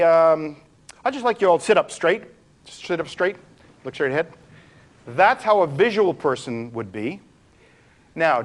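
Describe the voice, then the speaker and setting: A man presenting a workshop to a room of people, animated and demonstrative, swinging his pitch and pace to show different ways of talking. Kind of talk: live workshop talk to a room. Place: room with a live audience.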